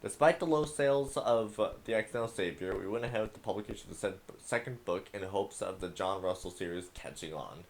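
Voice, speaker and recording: A man's voice: fast talker, vocal fry, hardly any pauses, slight background noise. A man playing a game and casually commenting, muttering and reading notes aloud. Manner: mutters, reads documents aloud in a low murmur. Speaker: let's play gamer.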